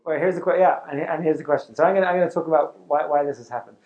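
Animated middle-aged male youth minister. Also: a little high, racing, highs cut off. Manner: animated and conversational, with restarts. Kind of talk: talk to youth workers. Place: talk in front of a live audience.

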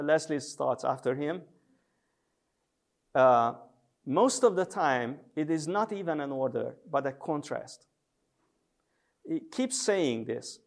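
A man lecturing on theology in a measured, deliberate way, with frequent hesitation sounds. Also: on the high side. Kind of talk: theological lecture with scripture readings.

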